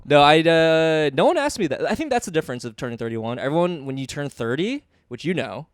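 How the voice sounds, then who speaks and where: A man's voice: fairly high pitch, very animated, fairly quick, clean tone, dry recording, clean studio sound. A man in his early thirties co-hosting a casual comedy podcast, joking and self-mocking and laughing often. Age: 30s.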